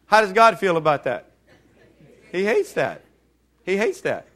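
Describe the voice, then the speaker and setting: Guy preaching, lively sermon, kinda high voice, gets the crowd to repeat stuff. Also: unhurried. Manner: animated, acts out mocking voices, calls for audience response.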